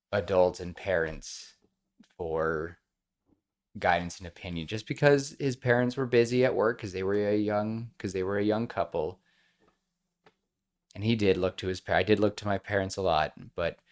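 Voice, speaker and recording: A young man co-hosting a podcast, talking earnestly and getting emotional in casual chat. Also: low-pitched. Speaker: podcast co-host.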